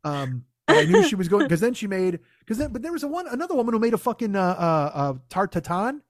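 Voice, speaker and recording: A man's voice: high voice, sing-song, quick pace, dry recording, studio quality. A man hosting a podcast, ranting in a casual, comic, profane and exasperated way. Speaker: podcast host. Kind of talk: casual comedic rant.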